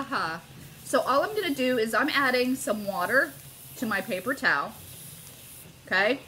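A middle-aged woman leads a relaxed craft tutorial from her home, talking straight to her viewers. Her voice is bright and forward, and she keeps a chatty tone. A faint noise sits behind the recording. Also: mid-range voice. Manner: chatty, addresses viewers as "you guys", laughs often. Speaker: craft demonstrator. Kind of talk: casual live craft tutorial.

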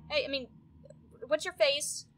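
A woman giving casual gameplay commentary, exasperated and often yelling at her characters. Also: fairly high pitch, moderate pace. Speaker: gameplay streamer.

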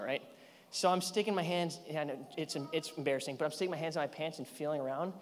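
A man in his thirties, a pastor preaching a sermon, telling a story with lively energy, sometimes yelling and laughing. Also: sits high, brisk. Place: large church hall. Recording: church hall reverb.

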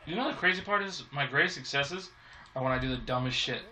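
A man's voice: medium pitch, animated, fast, sharp tone, a little hiss or hum. A man giving casual let's-play commentary, frustrated and swearing constantly as he talks to himself. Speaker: gameplay commentator.

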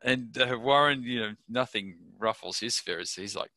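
A man's voice: medium pitch, wildly swooping pitch, a little slow, sharp tone, no room sound. An older Australian man being interviewed, telling a chatty anecdote and chuckling at his own story. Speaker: interview guest.

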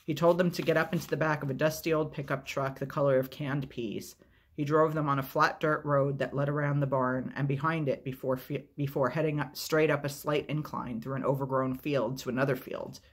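A man reads a novel aloud as a storyteller, in a steady, measured, unhurried way. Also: medium pitch.

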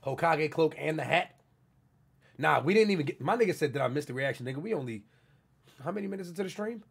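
A young man from New York, streaming live and loudly calling out donors in heavy street slang. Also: on the high side, lively intonation, quick pace, vocal fry, slightly rough. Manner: loud, hyped shout-outs to donors in heavy street slang. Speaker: livestreamer. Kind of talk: casual livestream chat reading out donations.

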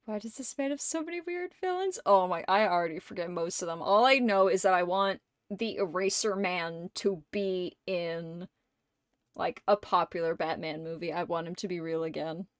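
A young adult woman streamer in casual chat, gushing like an excited fan and swearing and laughing often. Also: fairly low pitch, moderate pace, no room sound, studio quality.

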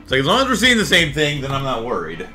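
A man streaming a shooter game, chatting casually, animated and swearing freely. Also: medium pitch, fast, over music. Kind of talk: casual gaming chat.

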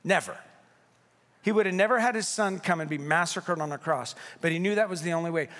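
Man, middle-aged pastor, sermon, conversational, lively asides, slightly high voice, long church reverb. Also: brisk. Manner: conversational and animated, with playful asides and acted-out quotes. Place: church sanctuary at a candlelight service.

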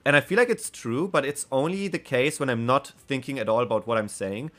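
A man's voice: mid-range voice, fairly quick, fairly bright tone. A young man from Germany with a German accent and a slightly nasal voice, chatting casually and playfully. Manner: playful, laughing, rambling with many likes. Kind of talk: casual chat.

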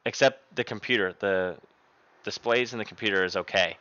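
A man's voice: on the low side, normal speed, bright, forceful tone, muffled recording. A young man live-streaming from his desk at home, chatting casually and profanely into a desk microphone and rattling off thanks to viewers by name.

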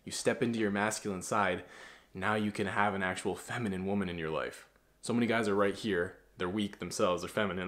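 A man's voice: lowish voice, fairly quick. A man in his twenties giving a blunt, preachy, slangy motivational talk as a masculinity coach. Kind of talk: casual motivational monologue.

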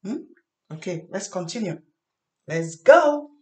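Slow, echoey woman teacher drilling spelling. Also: medium pitch, sing-song, darkish tone. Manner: spells words letter by letter, repeats each word, asks "hmm?". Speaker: English teacher. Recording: echoey room.

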